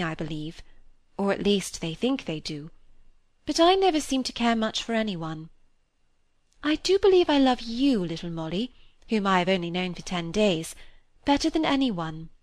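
A candid, restless young woman who mocks herself, as a woman reads her. She speaks in a lively, wry, confiding way from a classic novel. The recording is dry and close. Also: medium pitch, moderate pace, no room sound, close to an everyday voice. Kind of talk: reading a classic novel aloud.

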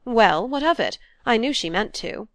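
A woman voicing a moody, sardonic young gentleman lawyer in a book reading, with dry, scornful retorts. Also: on the high side, expressive, moderate pace, no room sound, voice pushed up.

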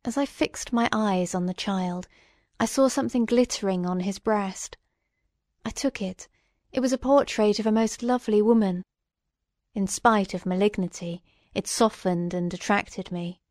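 Woman audiobook reader, measured and solemn, very dry close sound. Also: medium pitch, steady tone, no echo. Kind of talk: literary reading aloud.

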